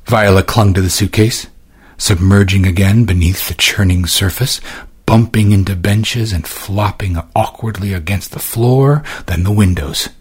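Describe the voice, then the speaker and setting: A man's voice: sits low, measured pace, slightly rough. A man giving dramatic scripted narration of a novel as an audiobook narrator. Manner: dramatic, swinging delivery.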